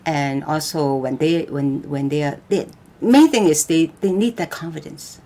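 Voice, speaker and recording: An older woman, a guest vocal coach, talking in a live-stream interview, halting and repeating words with loose grammar. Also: low-pitched, mellow, a little hiss or hum.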